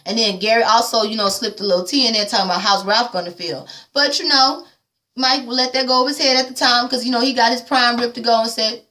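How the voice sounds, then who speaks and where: A woman vlogger runs through a movie recap in loose, profane chat. Her voice sits a bit high and comes out bright and sharp, and she drops into the characters' lines as she goes.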